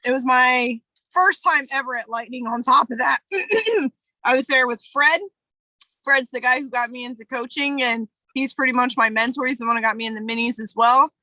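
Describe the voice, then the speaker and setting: A woman with a bright, forceful voice, pitched a little high, talks casually on a podcast. Her storytelling is candid and emotional, full of fillers, and her sound is dry and close. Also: normal speed, dry recording, low-quality recording. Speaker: podcast co-host. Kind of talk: casual chat.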